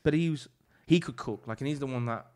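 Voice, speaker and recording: A man's voice: mid-range voice, quick pace, darkish tone. A man, a chef and author, telling long rambling stories in a casual podcast chat, full of "like" and swearing.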